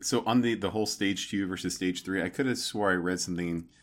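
A man's voice: low voice, a little fast. A man co-hosting a podcast, chatting casually and telling anecdotes with playful mock quotes. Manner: storytelling, animated asides and mock quotes. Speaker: podcast co-host. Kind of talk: casual chat.

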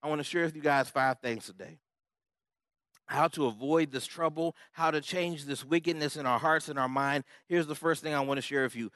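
A pastor preaching a conversational sermon, repeating key words for emphasis and checking in with the congregation. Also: male voice, on the high side, brisk, a bit bright, no room sound. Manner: repetitive, emphatic phrasing.

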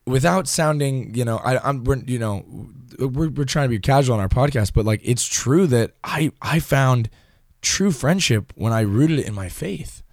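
A man's voice: medium pitch, moderate pace, no echo, clean studio sound. A young man co-hosting a casual faith podcast, telling stories with lots of restarts. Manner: chatty, animated storyteller with frequent restarts. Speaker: podcast co-host. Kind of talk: casual chat.

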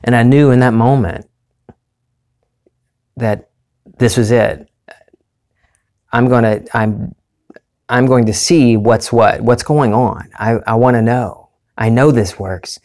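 A man's voice: mid-range voice, slow pace, pauses often, darkish tone. Male self-help talker, mid-range voice, confessional and rambling, frequent restarts. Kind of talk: candid personal monologue.

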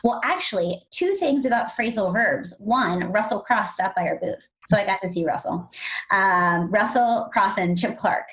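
Lively woman telling podcast stories. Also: mid-range voice, moderate pace, low-quality recording. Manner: animated storyteller, acts out quoted voices. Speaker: podcast co-host. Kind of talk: casual podcast chat.

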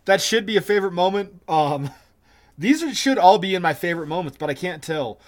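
A man's voice: high-pitched, lively intonation, brisk. A man co-hosting a podcast in casual chat, stammering through restarts, laughing often and joking crudely. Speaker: podcast co-host.

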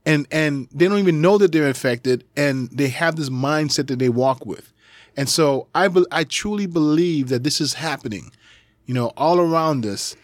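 A man's voice: on the high side, no room sound. A middle-aged man co-hosting a podcast in casual chat, talking in a conversational way and often chiming in to agree. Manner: conversational, quick agreeing interjections. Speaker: podcast co-host.

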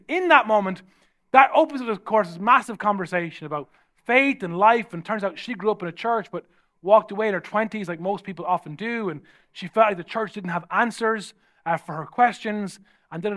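A man's voice: sits high, fast talker, a bit bright. An Irish man, a pastor, preaching a sermon in a humorous, conversational storytelling way. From Ireland.

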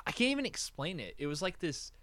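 A man's voice: on the high side, very animated, fast, bright, forceful tone, no room sound. A man chatting casually as a podcast co-host, acting out quotes and swearing as he tells stories. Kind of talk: casual chat.

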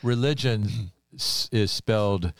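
A man's voice: lowish voice, takes it slowly, no room sound, clean studio sound. A man co-hosting a religious podcast, chatting in an affirming, punchy way and playing with words. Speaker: podcast co-host. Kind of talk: casual religious podcast chat.

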